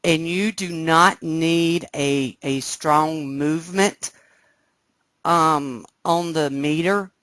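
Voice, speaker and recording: Excited woman teaching live trading. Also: low voice, drawn-out words, dry recording. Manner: explanatory, keeps checking listeners follow; excited, animated. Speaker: trading instructor. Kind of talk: live trading room lesson.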